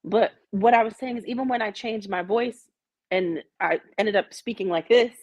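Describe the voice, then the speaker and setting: A woman's voice: mid-range voice, normal speed, no echo, muffled recording. Candid woman from Jamaica, dry sound. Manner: candid, storytelling, animated asides. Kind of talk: casual group discussion.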